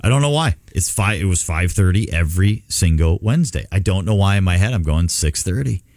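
A man's voice: sits low, expressive, a little fast, darkish tone, no echo, clean studio sound. A man co-hosting a radio show, telling a story in earnest, self-reproaching casual chat. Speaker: radio co-host.

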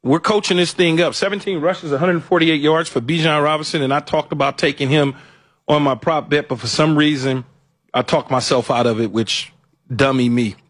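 A man's voice: on the high side, steady tone, brisk, fairly bright tone, no room sound. A man co-hosting a live sports betting broadcast, talking emphatically and repeating himself as he breaks down the game. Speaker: sports betting show co-host.

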